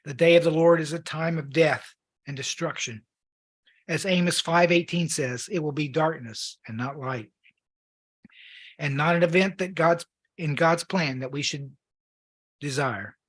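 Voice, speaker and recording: A man preaching a sermon, reading scripture in an earnest, measured way while losing his voice. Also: on the high side, slightly rough.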